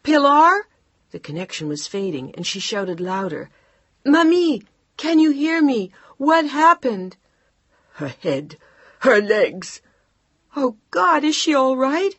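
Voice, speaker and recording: A woman voicing a frantic mother who shouts into a phone, her voice high and strained. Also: unhurried, husky, dry recording, highs cut off.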